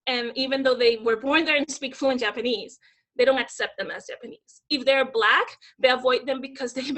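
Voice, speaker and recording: A woman in her thirties from the Dominican Republic, a podcast guest talking casually and telling animated stories. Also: high-pitched. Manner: energetic, animated storyteller. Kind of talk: casual interview conversation.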